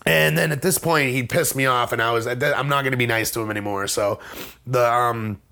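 Male interview guest, casual storyteller, mid-pitched, wry and self-deprecating, rambling with lots of restarts. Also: steady tone, a little fast, creaky, pushed and bright. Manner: acts out other people's lines in a raised voice.

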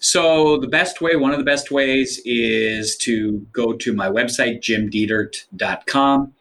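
A middle-aged man speaks as an interview guest. He explains his ideas in a thoughtful, measured way, with frequent fillers and restarts. His pitch sits in the middle range. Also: fairly bright tone. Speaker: guest author. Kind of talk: interview conversation.

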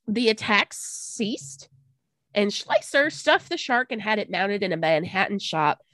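A woman co-host tells an old story in a loose, chatty podcast way. Her voice sits in a middle pitch and is recorded close and dry. She stumbles over tricky names and breaks into laughs. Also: very animated, measured pace, a bit bright, dry recording. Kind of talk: casual history storytelling chat.

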